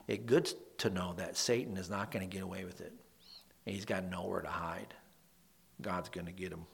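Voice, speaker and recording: A man preaching a sermon as pastor, emphatic, swinging from soft breathy asides to loud declaimed scripture. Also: low voice, steady tone, moderate pace.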